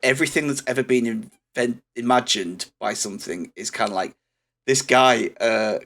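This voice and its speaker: A man co-hosting a podcast in casual chat, animated and quick to act out quotes. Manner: animated, acts out cartoon quotes in high excited voices. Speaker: podcast co-host. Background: other hosts chiming in.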